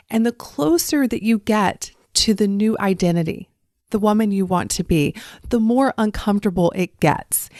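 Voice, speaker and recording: In a solo podcast monologue, a life coach with a faint Southern accent earnestly encourages the people listening. She speaks at a medium pitch with a darkish tone, in clean studio sound free of room noise.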